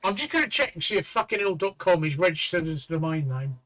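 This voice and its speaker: A man's voice: a little high, very animated, fast, fairly bright tone. A man in his fifties or sixties co-hosting a casual livestream, telling stories bluntly and swearing freely. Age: 50s or 60s. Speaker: stream co-host.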